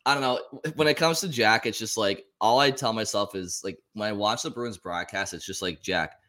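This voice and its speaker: Here is a man with a fairly low voice that still has a bright, forward edge. He is chatting casually as a sports podcast co-host. He rambles and often restarts and repeats words. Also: normal speed.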